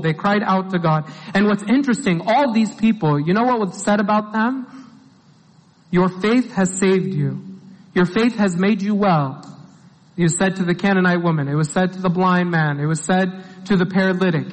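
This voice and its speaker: The preacher here is a man with a high voice, giving a casual sermon in a sincere, even manner and posing a string of questions to the congregation. His words ring out, each phrase carrying a long hall reverb.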